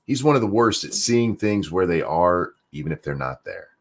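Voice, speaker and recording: This man's voice sits low and sounds animated at a normal speed. As a commentary streamer hosting his own show, he rants casually and sarcastically, swearing freely and repeating words when he gets worked up.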